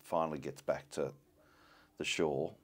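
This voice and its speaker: Man, very low voice, dry comic chat guest. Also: steady tone, a little slow, husky. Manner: dry, jokey, slips into playful bits. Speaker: comedian guest. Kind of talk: casual comedic chat.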